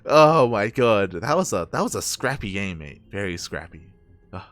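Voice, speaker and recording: Excitable male esports caster, lively pitch. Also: moderate pace, soft background music. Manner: excitable, laughs often, says "mate". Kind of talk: live game commentary.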